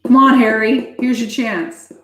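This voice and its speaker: A woman chatting with viewers on a live stream, blunt and heavy on swearing, quick to switch tone. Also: on the high side, fairly even intonation, fairly bright tone. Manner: profane, blunt and fast-shifting. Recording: echoey room.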